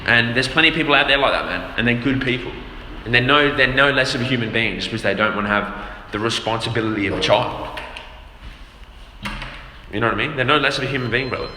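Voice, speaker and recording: Bright-voiced blunt man ranting. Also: medium pitch, fast, slight background noise. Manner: blunt and profane, fillers like "man" and "brother"; repeats words while searching for them. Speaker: livestreamer answering chat. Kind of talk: casual rant to a live audience.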